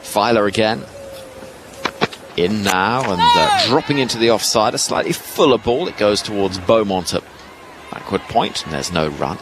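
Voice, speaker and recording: A man giving ball-by-ball cricket commentary from a ground's commentary box, lively and rising with each delivery. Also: fairly low pitch, normal speed. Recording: broadcast with loud ground noise behind.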